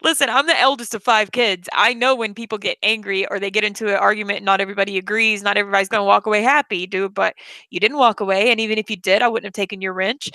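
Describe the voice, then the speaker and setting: A woman's voice: mid-range voice, creaky, bright, forceful tone, no room sound. A woman hosting a livestream chat, blunt and casual, swearing freely and laughing often. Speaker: livestream host.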